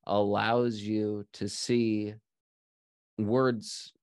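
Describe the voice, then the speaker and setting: A man's voice: fairly low pitch, little pitch movement, very slow, a little mellow, smooth, no echo, studio quality. A man co-hosting a Christian podcast in casual chat, explaining his thoughts in a reflective way and often checking in with "right?". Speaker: podcast co-host.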